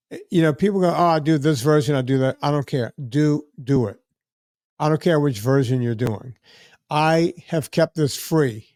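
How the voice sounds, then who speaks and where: A man's voice: medium pitch, darkish tone, dry recording, clean studio sound. A man with a Louisiana accent hosting a podcast, talking bluntly and chattily and repeating his points for emphasis. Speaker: podcast host. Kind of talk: casual podcast chat.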